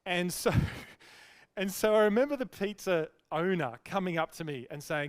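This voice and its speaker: Animated, chatty business coach. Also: male voice, high-pitched, normal speed. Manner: animated, chatty, self-deprecating, many fillers. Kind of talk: storytelling talk.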